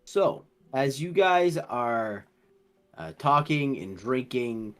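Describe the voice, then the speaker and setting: A man narrating as dungeon master, lively and stumbling over his words. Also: medium pitch, takes it slowly, clean tone, soft background music. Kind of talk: narrating a tabletop game.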